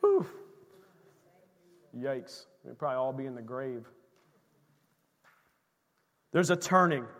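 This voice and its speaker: A man preaching a sermon as pastor, animated, swinging from shouts to hushed asides. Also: high voice, long reverb tail.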